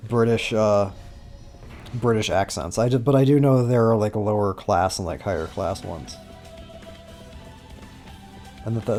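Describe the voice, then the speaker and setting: A man's voice: lowish voice, a little mellow. A man giving rambling, casual gameplay commentary with many fillers and some swearing.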